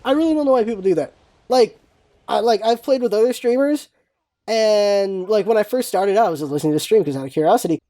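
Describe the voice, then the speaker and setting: Fast and dark-toned, a mid-range female voice carries a casual solo gaming vlog. The vlogger is blunt and emphatic, swearing mildly and circling back to the same phrases for emphasis.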